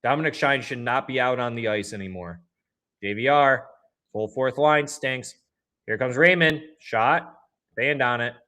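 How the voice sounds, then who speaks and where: A young man hosting a fan livestream, calling the game play by play, partisan and quick to swing from flat calls into loud outbursts at the refs. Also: medium pitch. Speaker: livestream host.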